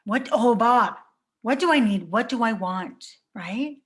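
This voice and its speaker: A woman's voice: fairly high pitch, lively intonation, measured pace, husky. A woman in her thirties, a life coach giving a reflective live talk to viewers and asking many rhetorical questions.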